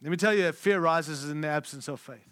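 A man preaching a conference sermon, emphatic and candid, shifting between loud declarations and hushed lines. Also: fairly high pitch, a little fast, clean tone, no room sound, clean studio sound. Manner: candid and conversational.

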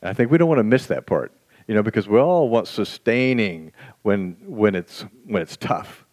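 A man preaching a sermon in a conversational, folksy and self-deprecating way, reading scripture slowly and deliberately. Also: lowish voice, expressive, a little mellow. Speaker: pastor.

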